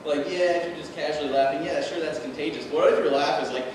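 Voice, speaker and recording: A young man doing open-mic stand-up comedy, rambling and self-deprecating, often laughing at his own jokes. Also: on the high side. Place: small club with live audience. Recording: echoey room recorded from a distance, noisy.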